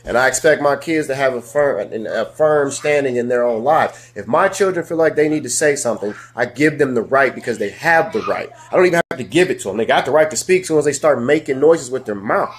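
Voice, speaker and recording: Animated man hosting a live talk. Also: a little fast, few pauses. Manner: animated, swings from loud to low, speaks to viewers. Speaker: host of a live discussion show. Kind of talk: casual live-stream talk.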